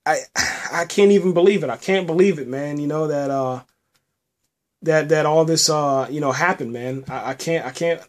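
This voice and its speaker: A man with a slightly high voice talks through a TV episode in a casual podcast recap. He stops and restarts often and keeps tagging "man" onto his lines. The delivery is loose and unscripted. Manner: halting, many restarts, says "man" often. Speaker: podcast host reviewing a TV episode. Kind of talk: casual spoken review.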